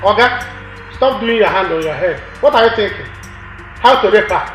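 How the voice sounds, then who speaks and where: A man's voice: high voice, lively intonation, normal speed, a bit bright. A man, playing a comedian who teases the people around him with repeated playful jokes. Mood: teasing. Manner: playful, teasing, repetitive banter. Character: joking wedding comedian teasing guests. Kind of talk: film acting. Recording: roomy echo with faint music.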